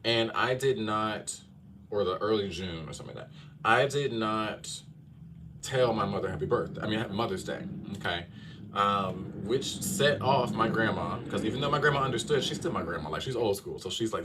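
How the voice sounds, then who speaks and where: A male astrologer telling his viewers a personal story in a casual, animated way, often checking in with them. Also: fairly low pitch, normal speed, far from the mic, very noisy. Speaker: astrologer and tarot reader.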